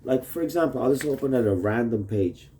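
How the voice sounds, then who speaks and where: A man speaks into a phone set up in his cluttered room, talking to his wife in a long, wandering monologue. His voice is warm and dark, heavy with profanity, and he switches subjects constantly. His pitch sits at an ordinary middle level for a man. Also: lively intonation, a little fast, slight background noise. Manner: heavy swearing, jumps between topics. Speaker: husband recording a video message to his wife. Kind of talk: rambling casual monologue. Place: at home in a messy rented room. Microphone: phone plugged in nearby.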